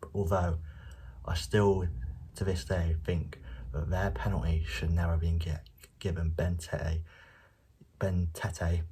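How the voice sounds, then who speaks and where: Young man, deep voice, very husky and breathy, hushed late-night talk, no real mic, casual football predictions. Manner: speaks quietly, at times near a whisper. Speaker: football vlogger. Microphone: no dedicated microphone.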